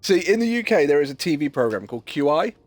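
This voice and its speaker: A man's voice: fairly high pitch, very animated, fast talker, dry recording. A man streaming a game, chatting in a rambling way and swearing casually while he has the hiccups. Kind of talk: casual livestream chat while gaming.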